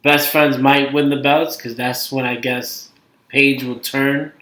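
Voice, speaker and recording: A man's voice: medium pitch, level tone, slow pace, a bit bright. Rambling Brooklyn man in an echoey room. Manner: rambling, hesitant, trails off. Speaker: podcast co-host. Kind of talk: casual chat.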